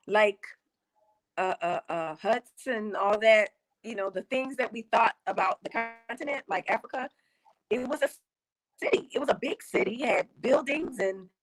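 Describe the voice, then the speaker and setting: Woman, interview guest on a video call, emotional, halting delivery. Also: mid-range voice, poor audio. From United States. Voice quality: emotional, halting with many restarts. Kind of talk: casual remote interview.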